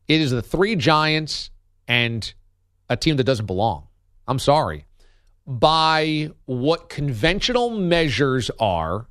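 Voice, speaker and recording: Recorded dry with clean studio sound, this medium-pitched male radio host argues his sports opinions forcefully. He is emphatic and combative, driving each point in with punchy, repeated phrasing.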